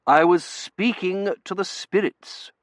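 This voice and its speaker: A cold, commanding Victorian matron. She talks down to everyone with frosty disdain, drawing out her words slowly. The delivery is loud and lofty. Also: sits high, very animated, no echo, clean studio sound, pitched above the performer's own voice, full character voice. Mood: indignant. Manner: icy, disdainful, imperious.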